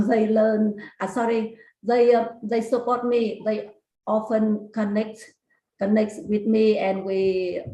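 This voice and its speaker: A woman's voice: medium pitch, dark tone, roomy sound, rough recording. A woman learning English who talks hesitantly on a video call, with many fillers and restarts; English is not her first language. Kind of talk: casual chat.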